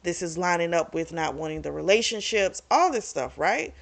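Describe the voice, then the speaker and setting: A young woman with a lowish, creaky, expressive voice talks at a normal pace as a book club vlogger. She recaps and reviews a romance novel in a chatty, frank way, swearing freely and addressing her viewers directly.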